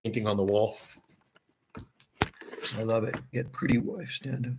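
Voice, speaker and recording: A man's voice: fairly low pitch, steady tone, measured pace, noisy background. A middle-aged man chatting casually on a livestream from a seaside vacation home, rambling and laughing often.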